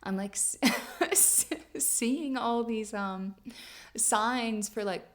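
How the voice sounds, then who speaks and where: A woman's voice: fairly high pitch, extremely slow. A woman hosting a podcast, telling a personal story in a chatty way, with lots of "like" fillers and frequent laughs. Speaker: podcast host. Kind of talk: casual storytelling monologue.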